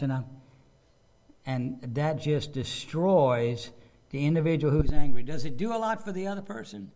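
A man's voice: on the high side, lively intonation, measured pace. A man preaching a sermon in a conversational way, often repeating words and asking his listeners questions. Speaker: pastor. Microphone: microphone with a loose connection.

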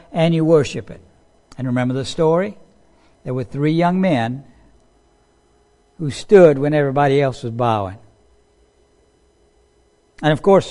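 Preaching in a slightly high voice with a darkish tone, this man keeps his sermon casual and conversational. He acts out quotes and poses questions to his listeners.

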